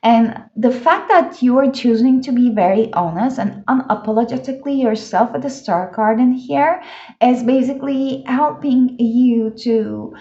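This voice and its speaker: A woman with a fairly high voice gives a casual pick-a-card tarot reading, chatty and enthusiastic. Her talk is full of fillers. The lo-fi recording sounds dull and echoes around the room. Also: measured pace, warm tone.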